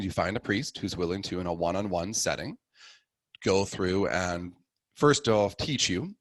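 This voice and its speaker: A middle-aged man guesting on the show casually recounts his conversion, delivering it with animation and voicing every person in the story. His voice is low and the recording dry.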